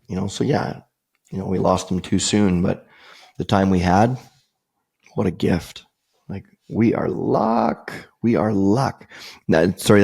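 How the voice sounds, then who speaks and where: Low gravelly man telling family stories. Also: a little mellow. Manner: earnest, conversational, repeats key phrases for emphasis. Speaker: podcast host. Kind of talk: reflective personal storytelling.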